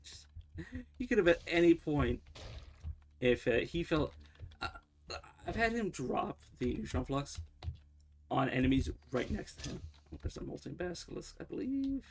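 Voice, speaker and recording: A man's voice: fairly high pitch, big pitch swings, unhurried, a little hiss or hum. A man casually commenting on his own game as he streams, rambling and often correcting himself. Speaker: livestreamer playing a game.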